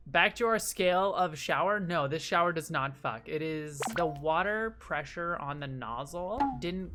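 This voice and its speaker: Young woman streamer, lowish voice, rambling comic anecdote over background music. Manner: rambling, fast, with laughs and swearing. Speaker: VTuber. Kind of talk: casual storytelling.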